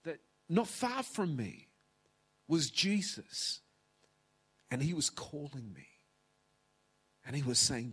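Husky fifties guy preaching, all choked up, slow with big swings in pitch, sometimes whispering. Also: sing-song, a bit bright. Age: 50s. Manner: emotional, tearful preaching with dramatic pauses and whispers. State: close to tears. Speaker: pastor. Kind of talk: sermon. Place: large auditorium.

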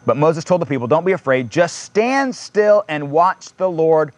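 A man's voice: on the high side, lively intonation, normal speed, dry recording. A man preaching a sermon in a conversational way, reading scripture aloud and adding casual asides. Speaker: pastor.

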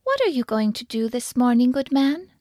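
A bright, exclaiming old woman from a folk tale, voiced by a female storyteller. Her voice sits higher than the narration and bubbles with surprise. It is recorded close and dry. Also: sing-song, moderate pace, no echo. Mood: cheerful. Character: kindly poor old woman, excitable.

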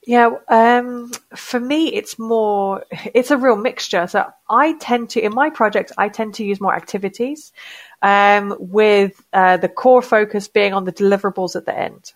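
A woman project manager talking in a relaxed conversation, thoughtful, with frequent "you know" fillers. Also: mid-range voice, unhurried. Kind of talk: casual podcast conversation.

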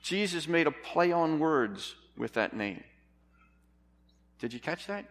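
A man's voice: on the high side, very animated, slow, fairly bright tone, big-room sound. A man preaching a sermon in an earnest, emphatic way, putting questions to his congregation.

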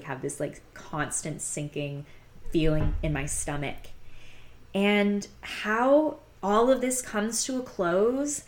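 A young woman telling her own dating story in a chatty, confiding way, full of "like" fillers. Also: medium pitch. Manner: chatty, heavy use of "like" fillers; frank and confiding, sighs between thoughts. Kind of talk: casual personal storytelling.

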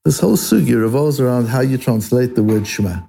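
A man's voice: medium pitch, brisk, vocal fry, warm tone, husky. A man teaching a Talmud lesson, asking questions aloud and answering them as he explains.

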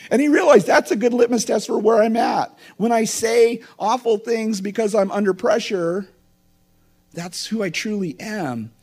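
A man's voice: high-pitched, normal speed, a little mellow, slightly rough. A middle-aged male pastor giving a conversational sermon with earnest asides.

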